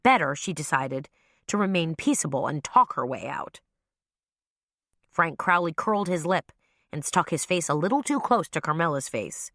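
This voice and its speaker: Low-voiced woman narrating a mystery. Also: lively intonation, moderate pace, pushed and bright, dry recording, studio quality. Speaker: audiobook narrator. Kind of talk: scripted narration.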